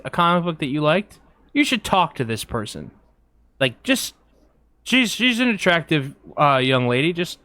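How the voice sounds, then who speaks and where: A man with a fairly high, smooth and resonant voice tells a rambling story in casual podcast chat. He talks with many fillers and quick asides into a close mic. The sound is dry, with no room around it. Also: bright, forceful tone, no room sound. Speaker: podcast co-host.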